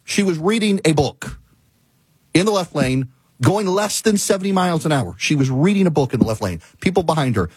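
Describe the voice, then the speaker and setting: A man with a slightly husky voice delivers a rambling talk show monologue, exasperated and emphatic. He repeats his points to hammer them home, and the sound is close and dry. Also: animated, a little fast, a little mellow, no room sound. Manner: laughs mid-sentence and bursts into high-pitched exclamations. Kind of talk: casual monologue, ranting storytelling.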